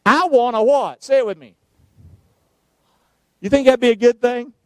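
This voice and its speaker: A male preacher, giving a sermon, calling on the congregation to answer and shouting verses out. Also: extremely high pitch, normal speed, dry recording. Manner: calls for responses, shouts the verses out.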